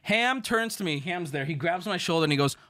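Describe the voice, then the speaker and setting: A man streaming, telling an animated story to his chat and friends, shouting at the high points and dropping low to mimic others. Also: brisk. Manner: excitable, shouts at the big moments, drops into gruff voices for others.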